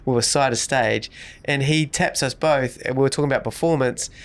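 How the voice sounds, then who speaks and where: A man's voice: mid-range voice, fairly quick. A man co-hosting a podcast, telling a long anecdote in casual chat and acting out the lines of the people in it. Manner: lively storyteller acting out quoted dialogue. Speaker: podcast co-host.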